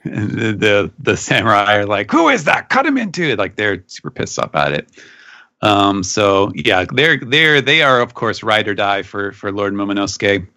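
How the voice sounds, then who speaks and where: Bright-toned man recapping a comic. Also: normal speed, no echo, studio quality. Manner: retells scenes, briefly pitching up to act out quoted lines. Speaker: podcast panelist. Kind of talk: casual manga recap chat.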